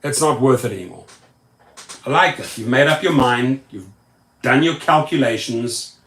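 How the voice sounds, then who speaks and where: A man's voice: medium pitch, normal speed, fairly bright tone, roomy sound. A man hosting a rideshare live stream, reading viewer comments aloud and repeating words for emphasis. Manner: emphatic, repetitive chanting of words. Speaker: rideshare YouTube host.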